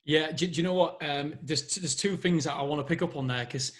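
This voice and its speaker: A man's voice: fairly high pitch, fairly quick. A man hosting a podcast, talking with enthusiasm and urging listeners to take action. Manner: enthusiastic, motivational. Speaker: podcast host. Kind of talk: casual interview chat.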